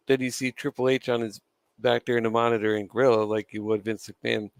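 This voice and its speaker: A man's voice: medium pitch, flat delivery, brisk, vocal fry, clear, resonant tone, no room sound. Gum-chewing man ranting casually. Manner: chatty, swears freely, laughs between points. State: chewing gum, dry mouth. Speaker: wrestling news vlogger. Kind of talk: casual opinionated commentary.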